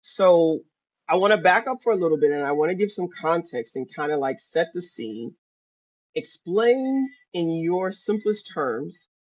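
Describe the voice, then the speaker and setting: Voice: mid-range voice, breathy edge, dry recording. An interview host with an enthusiastic, playful way of talking who asks questions conversationally. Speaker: podcast host. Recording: dull, dry lo-fi sound.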